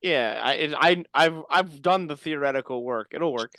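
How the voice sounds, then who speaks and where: A comedy podcast co-host chatting in a deadpan, rambling way full of tangents. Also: mid-range voice, normal speed, no echo. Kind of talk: casual comedic chat.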